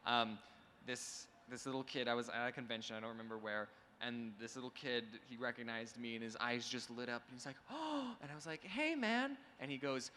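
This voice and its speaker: A man telling a fan story on a convention panel, animated and acting out the voices he quotes. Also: mid-range voice, quick pace. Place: large convention hall. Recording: reverberant hall, faint noise.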